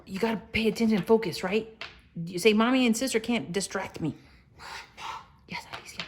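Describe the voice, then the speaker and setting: A young mother at home cheers on her toddlers at the table in a casual family video, brisk and fairly high-pitched. She's cheerful and sing-song, now and then dropping to a whisper, with slight background noise.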